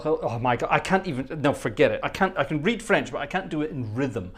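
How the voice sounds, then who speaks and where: A man's voice: a little high, expressive, fairly quick, few pauses. A man hosting a live stream, chatting casually, reading out viewer comments and stumbling over French with self-deprecating humor. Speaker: livestream host. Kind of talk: casual livestream chat. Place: home studio.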